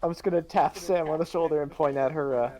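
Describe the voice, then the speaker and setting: A man's voice: on the high side, fairly even intonation, fast, warm tone. Man player declaring actions. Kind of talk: tabletop game in character.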